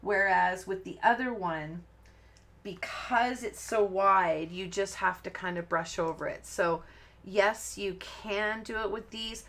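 A woman's voice: medium pitch, slow pace, a bit bright. A woman hosting a live-stream card-making tutorial, talking casually and rambling as she works, often breaking off mid-sentence and laughing at her own slips. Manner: chatty, rambling, self-interrupting, laughs at herself. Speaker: crafting tutorial host. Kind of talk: live-stream craft demonstration.

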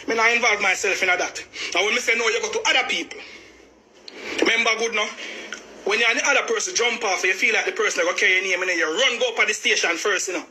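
Male, Jamaican accent, worked-up and emphatic, very bright, piercing tone. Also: sits high. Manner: agitated, repetitive, emphatic. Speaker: family member speaking out. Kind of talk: heated personal account.

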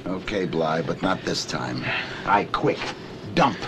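A curt smuggler captain, barks short orders, swingy pitch, noisy track. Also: male voice, expressive, a little slow. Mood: urgent. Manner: clipped, commanding orders. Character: gruff male smuggler boat captain, curt. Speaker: boat captain.

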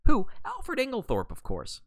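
A man doing a gruff, blunt Englishwoman. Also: very high-pitched, wildly swooping pitch, moderate pace, a little mellow, no echo, voice pushed up, exaggerated voice. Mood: indignant. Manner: snappish, clipped and scornful. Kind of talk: reading a novel aloud.

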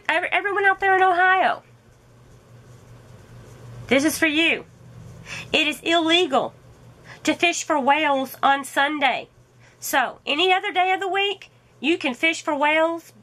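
A woman's voice: high voice, lively intonation, a little slow, pauses often, sharp tone, rough recording. A middle-aged woman chatting casually to her viewers as a crafting vlogger, amused and full of rhetorical questions. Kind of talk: casual chat.

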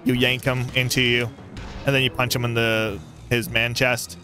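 Bright, excitable young male gamer. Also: medium pitch, moderate pace, soft background music. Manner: excitable, yelling and taunting the boss. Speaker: gaming YouTuber. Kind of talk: let's play commentary.

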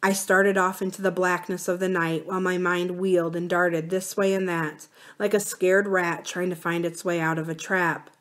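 A woman reading a novel aloud for a library series, expressive and slowing for the sad passages. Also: fairly low pitch. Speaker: library story reader. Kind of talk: storybook read-aloud.

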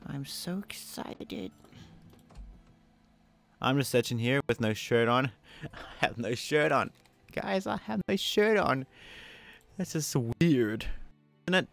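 Excitable man playing a game. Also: mid-range voice, a little slow, gravelly, pauses often, dry recording. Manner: excitable, talks to viewers, swings from loud to soft. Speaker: gamer. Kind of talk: let's play commentary.

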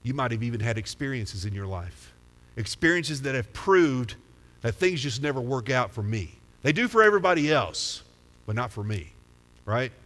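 In a church sanctuary with a long hall reverb, a pastor preaches in a conversational way, putting questions to his congregation. He has a medium-pitched, fairly bright voice with big pitch swings and a moderate pace.

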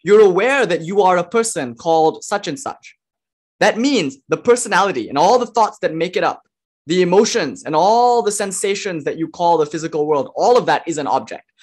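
A man's voice: high-pitched, lively intonation, brisk, a little mellow. A man lecturing on philosophy in a passionate, conversational way, full of rhetorical questions. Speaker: lecturer on non-dual philosophy.

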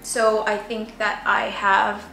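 A woman's voice: medium pitch, monotone, slow pace, gravelly, bright, forceful tone, reverberant, a little hiss or hum. A young woman vlogging casually about her houseplants at home, chatty and self-deprecating, recorded on a camera mic some distance away. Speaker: plant vlogger. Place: apartment room.

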